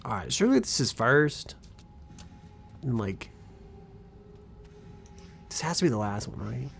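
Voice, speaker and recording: A man's voice: medium pitch, sing-song, unhurried, gravelly. A young man streaming a game, giving casual, profane, rambling and joking commentary. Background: faint background music.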